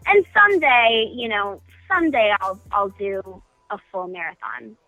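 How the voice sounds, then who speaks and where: A woman's voice: a little high, animated, measured pace, pushed and bright, no room sound, faint music behind, low-quality recording. A woman guest chatting casually in a phone-in radio interview, self-deprecating and full of ums. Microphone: phone call.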